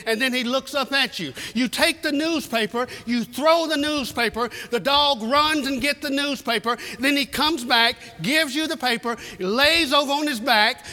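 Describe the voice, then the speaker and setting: A man's voice: very high voice, sharp tone, big-room sound. A man preaching a sermon to a church congregation, telling a folksy, repetitive story with humor. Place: church sanctuary.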